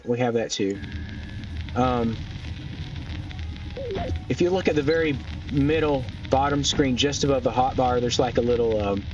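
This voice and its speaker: A man of middle pitch talks through a game as he plays, rambling and thinking aloud with plenty of ums. His voice sits a little back from a dull, lo-fi mic. Soft music plays underneath. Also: recorded from a distance. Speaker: gaming channel host. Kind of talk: casual let's-play commentary. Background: faint background music.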